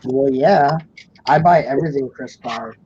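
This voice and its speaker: A young adult live-stream host from Indiana chats loosely with viewers, reading out their comments and laughing easily. The voice is dark and mellow, and the talk rambles along with frequent "like" fillers. The stream audio is muffled, with a faint hiss of noise underneath. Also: medium pitch, measured pace.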